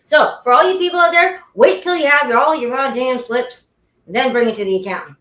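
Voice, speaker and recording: A woman's voice: high voice, a little fast, fairly bright tone, echoey room. A woman co-hosting a casual chat, speaking in blunt, exasperated asides.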